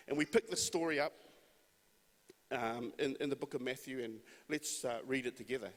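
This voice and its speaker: A man's voice: medium pitch, normal speed. A man preaching a sermon in a conversational storytelling way. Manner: conversational, storytelling with acted quotes. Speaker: pastor. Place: church hall. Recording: long hall reverb.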